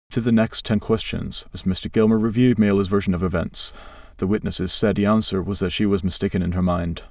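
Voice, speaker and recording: A man narrating an audiobook in a steady, unhurried way. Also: deep voice, no room sound, clean studio sound, distant mic. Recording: voice a bit off-mic.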